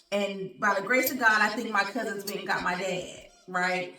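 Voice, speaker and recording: Bright-voiced woman telling a story, roomy sound. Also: mid-range voice, normal speed. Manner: animated, talks straight to the audience, colloquial. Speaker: show host. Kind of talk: personal storytelling to camera. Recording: roomy sound, distant from mic.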